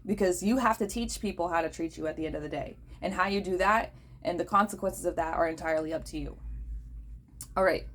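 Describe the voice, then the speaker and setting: Blunt, profane woman with a lowish voice. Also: brisk. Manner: blunt, profane, checks in with "okay?". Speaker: host. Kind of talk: casual talk.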